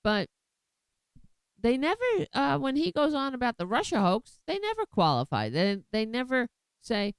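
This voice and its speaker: A woman's voice: fairly high pitch, very animated, normal speed, clear, resonant tone, no echo, rough recording. A woman hosting her own political commentary show, talking bluntly and with indignation, often restarting her sentences.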